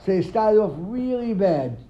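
Male Talmud teacher, slightly high voice, lively classroom retelling with repeated words, dull lo-fi recording. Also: unhurried. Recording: dull lo-fi sound, faint room ambience.

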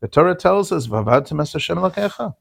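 Man, Torah teacher, gravelly, fairly high voice, dry close sound, repeats key terms. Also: expressive, fast, no room sound. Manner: repeats key terms, asks rhetorical questions. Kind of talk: Talmudic lecture.

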